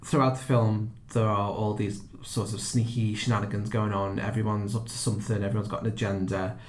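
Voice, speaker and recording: A man's voice: on the low side, flat delivery, a little fast, echoey room, slight background noise. A man hosting a horror podcast, chatty and laughing easily as he introduces the episode. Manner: chatty, laughing, self-deprecating. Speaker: podcast host. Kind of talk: casual podcast chat.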